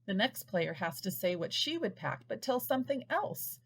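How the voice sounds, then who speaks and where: A woman giving a scripted lesson to parents, patiently sounding out words slowly. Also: medium pitch, big pitch swings, vocal fry, a bit bright, slightly rough. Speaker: early reading instructor. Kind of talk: scripted instructional narration.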